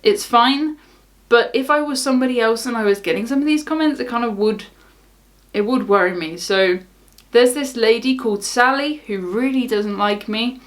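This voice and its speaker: At a moderate pace, a young woman with a clear southern English accent and a slightly high voice chats to camera as a cruise vlogger. She's wry and unbothered, shrugging off criticism with a laugh.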